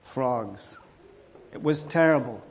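A man's voice: mid-range voice, animated, takes it slowly. A man telling a Bible story and reading archaic scripture in a dramatic, emphatic way.

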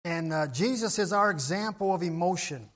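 High-voiced man preaching a gentle sermon. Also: lively intonation, normal speed. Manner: gentle, reflective, with frequent throat clearing and restarts.

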